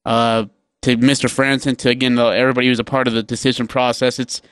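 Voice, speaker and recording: A man's voice: medium pitch, level tone, fast talker, clean tone, no room sound, studio quality. A young adult man co-hosting a radio sports show, chatting casually, laughing often and acting out stories. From Utah. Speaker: radio co-host. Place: radio studio. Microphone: studio microphone.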